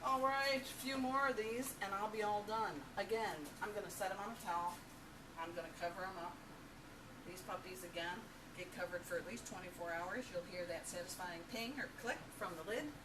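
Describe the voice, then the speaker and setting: A woman's voice: medium pitch, fairly quick. A middle-aged woman chattily teaching home canning while she works in her kitchen, heard through a camera mic set away from her. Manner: chatty, talks while working, playful. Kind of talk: casual how-to demonstration. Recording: distant noisy home recording.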